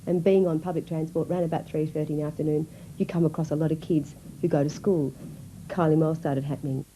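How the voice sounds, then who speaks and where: A woman with a low, very dark and mellow voice, thinking back on her work in an interview. She talks in a self-deprecating, reflective manner, with faint noise behind. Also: fairly even intonation, quick pace, poor audio. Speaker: comedic actress.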